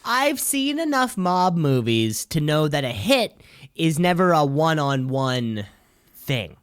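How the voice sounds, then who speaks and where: A man's voice: fairly high pitch, sing-song, slow pace, smooth, no echo, clean studio sound. A man co-hosting a podcast, joking around and trailing off into strings of filler words. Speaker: podcast co-host. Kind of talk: casual chat.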